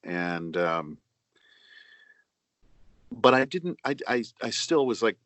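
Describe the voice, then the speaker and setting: A middle-aged man, an actor and narrator, giving measured, earnest answers over a video call, pausing often. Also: fairly low pitch, big pitch swings, fairly bright tone, no echo. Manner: earnest, measured, with many pauses and fillers. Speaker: actor and audiobook narrator, interview guest. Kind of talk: reflective interview answers.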